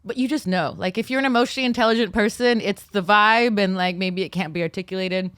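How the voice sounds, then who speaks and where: A young adult woman talking candidly on a podcast as a guest, animated and swearing freely. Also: medium pitch, quick pace, smooth, no room sound. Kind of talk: casual chat.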